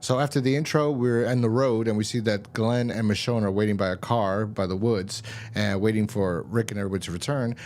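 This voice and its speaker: A man's voice: lowish voice, steady tone, brisk, darkish tone. A man casually recapping a TV episode as a reviewer, rambling and slangy with lots of fillers. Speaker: TV show reviewer.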